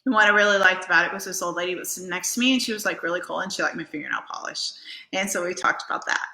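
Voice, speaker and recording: A woman's voice: fairly low pitch, very fast, sharp tone. A woman host talking casually and animatedly, telling personal stories with lots of fillers. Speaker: podcast host. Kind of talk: casual motivational monologue. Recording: echoey room.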